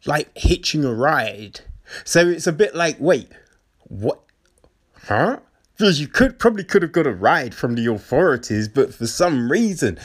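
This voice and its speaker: Male film reviewer, mid-pitched, slow and emphatic, chatty retelling style. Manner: animated retelling with frequent "right?" and "like"; emphatic, repeats key phrases.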